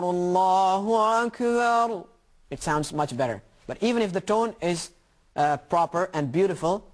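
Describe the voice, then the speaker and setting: Man teaching recitation, slow deliberate examples. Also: a little high. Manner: deliberate, repeats words slowly to contrast correct and wrong pronunciation. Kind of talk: tajweed lesson with spoken examples.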